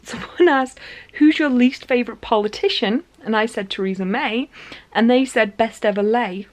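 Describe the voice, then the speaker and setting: A woman's voice: a little high, normal speed. A woman, telling a story to camera in a chatty vlog, laughing often as she goes. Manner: chatty, animated retelling with frequent laughs. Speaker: vlogger.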